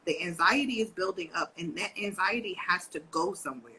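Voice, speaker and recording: A woman's voice: lowish voice, a little fast, slight background noise, rough recording. A woman co-hosting a live video chat on parenting, talking casually and acting out voices from her family life. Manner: animated storyteller, acts out her daughter's voice. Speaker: co-host and parent educator.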